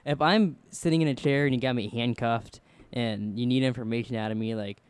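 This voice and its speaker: A man's voice: mid-range voice, steady tone, fairly quick, few pauses, clear, resonant tone, dry recording. A man hosting a podcast, chatting casually and jokingly about a TV episode, rambling and acting out characters' lines. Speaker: podcast host. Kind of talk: casual chat recapping a TV episode. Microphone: studio mic.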